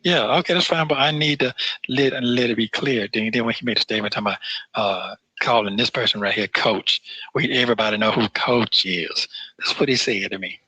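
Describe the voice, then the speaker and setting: A man's voice: mid-range voice, fairly quick, sharp tone, slightly rough, no room sound. Frustrated man talking from jail. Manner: frustrated, repetitive, swearing. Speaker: jail inmate on a phone call. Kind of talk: casual phone conversation. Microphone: phone.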